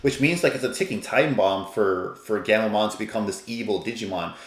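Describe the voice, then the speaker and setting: A man's voice: fairly low pitch, fairly quick, reverberant. A man reviewing an anime episode in a casual, rambling, enthusiastic way, with lots of fillers.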